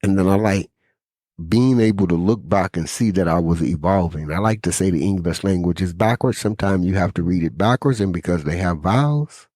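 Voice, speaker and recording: A man hosting a campus podcast, talking in a relaxed, emphatic, sermon-like way. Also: deep voice, brisk, dry recording, clean studio sound. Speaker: podcast host. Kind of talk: casual podcast talk.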